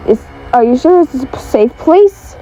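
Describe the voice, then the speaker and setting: A woman's voice: sits high, expressive, normal speed, warm tone, soft background music, pitched above the performer's own voice. A timid young animal girl from a homemade tale, anxious and easily scared, voiced by a woman. Her voice sits slightly above the narrator's on a muffled, dull recording.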